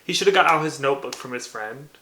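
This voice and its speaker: A man vlogging about a novel he is reading, excitable and profane, bursting into yells and laughter. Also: medium pitch, quick pace, reverberant, slight background noise. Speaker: book vlogger. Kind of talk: reading vlog reactions.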